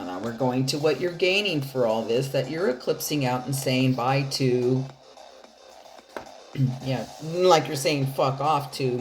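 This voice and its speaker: A tarot card reader gives a casual reading straight to her viewers, chatty and loose, laughing often and swearing now and then. Her voice is extremely low in pitch, with a darkish tone.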